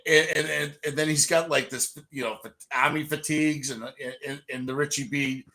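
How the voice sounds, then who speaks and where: A man co-hosting a casual podcast, telling a story in an excitable way. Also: on the high side, normal speed, creaky. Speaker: podcast co-host.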